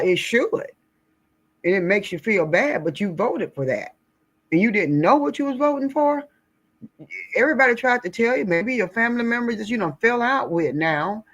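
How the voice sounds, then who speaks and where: A woman giving blunt, indignant, folksy political commentary in a casual talk. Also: lowish voice. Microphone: screen-share recording.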